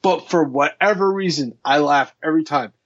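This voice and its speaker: A man's voice: a little high, moderate pace, muffled recording. Profane, laughing podcast host man. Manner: profane, laughs often, animated retelling. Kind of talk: casual podcast banter.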